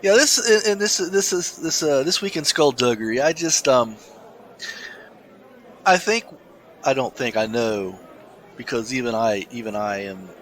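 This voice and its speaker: A man with a mid-pitched voice chats on a podcast and reads a news piece aloud. He halts and restarts often, feeling his way through each thought. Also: animated, a bit bright. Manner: halting, many restarts, laughs easily. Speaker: podcast co-host. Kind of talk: casual chat, reading a news story aloud.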